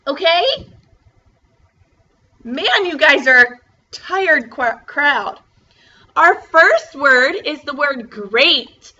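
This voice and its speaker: Woman, first grade teacher, online lesson, slow spelling, bright clear tone, dull lo-fi sound. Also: high voice, expressive. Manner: bubbly, spells words out slowly for kids. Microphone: video call.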